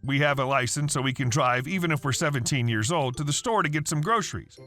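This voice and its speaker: Bright, lively man reading stories. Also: a little high, fast. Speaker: narrator. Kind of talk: reading reddit stories aloud. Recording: faint music behind.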